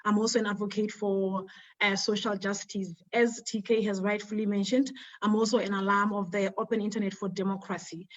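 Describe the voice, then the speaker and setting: A woman from Lesotho giving a conference talk over an online call, measured and formal. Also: medium pitch, little pitch movement. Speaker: conference speaker. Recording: dull lo-fi sound.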